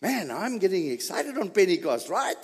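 A man preaching a sermon as pastor, posing rhetorical questions, answering them himself and building up to shouts. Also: high-pitched, big pitch swings, normal speed, breathy edge. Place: church sanctuary. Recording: long reverb of a large hall.

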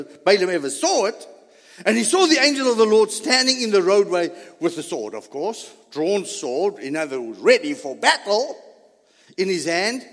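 A male pastor preaching a sermon in a church, theatrical and animated, often breaking into laughter. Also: high-pitched. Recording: echoey church hall reverb.

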